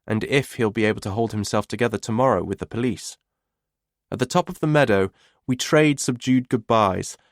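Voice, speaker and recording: A man reading a thriller audiobook in the first person, measured and a little wry. His voice sits at an ordinary middle pitch. The close studio recording is dry, with no room sound. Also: no echo. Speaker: audiobook narrator.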